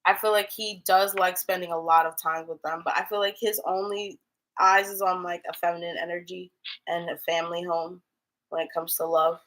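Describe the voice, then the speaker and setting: A woman's voice: lowish voice, level tone, normal speed, a bit bright, a little hiss or hum. A young woman giving tarot readings in a loose, rambling livestream chat, full of filler words and asides. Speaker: tarot reader.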